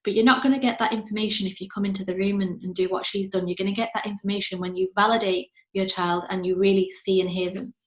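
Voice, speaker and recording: A woman's voice: mid-range voice, fairly even intonation, quick pace, hardly any pauses. A woman, a parent coach, giving earnest commentary on show clips and acting out what a parent might say. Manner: earnest, acts out parent and child voices in quotes. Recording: echoey room.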